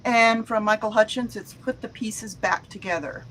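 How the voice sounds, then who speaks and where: A woman's voice: on the high side, normal speed, a bit bright, slight background noise, poor audio. A woman on a casual music panel, speaking in a plain, matter-of-fact way. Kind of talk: casual chat.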